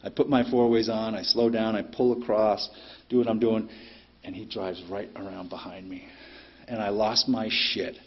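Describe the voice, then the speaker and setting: Speaking at a moderate pace with fairly even intonation, a middle-aged man gives a blunt, plainspoken recovery share full of ums and the odd swear word. His voice is somewhat low and husky, captured in a dull, lo-fi meeting-room recording.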